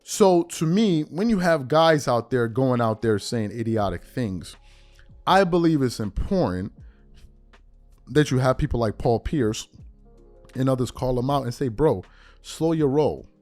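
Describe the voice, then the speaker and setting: A man's voice: mid-range voice, measured pace, dry recording, faint music behind. A man hosting a podcast, giving blunt, mocking sports commentary. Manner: animated, blunt and mocking, with mock-quoted asides. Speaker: podcast host. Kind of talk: opinionated commentary.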